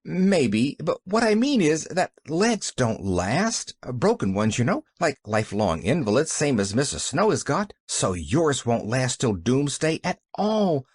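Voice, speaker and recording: A man's voice: mid-range voice, sing-song, measured pace, few pauses, slightly rough, no echo, studio quality. A man voicing a cheerful, talkative little girl who chatters eagerly in an audiobook reading.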